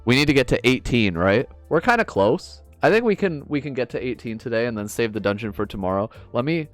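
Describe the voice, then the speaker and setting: A man's voice: medium pitch, very animated, a little fast, faint music behind. A man streaming a video game, chatting casually and reading the on-screen dialogue aloud.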